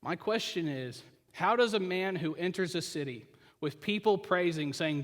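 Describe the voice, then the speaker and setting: A male pastor preaching a sermon, retelling the story as if the listener were there and dropping to quiet asides. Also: a little high, a little slow. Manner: storytelling, puts the listener into the scene. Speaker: senior pastor. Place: church sanctuary. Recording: reverberant church hall.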